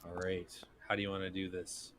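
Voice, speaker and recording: A man narrating a tabletop role-playing game as game master, in a relaxed, loose manner. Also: deep voice, a little fast.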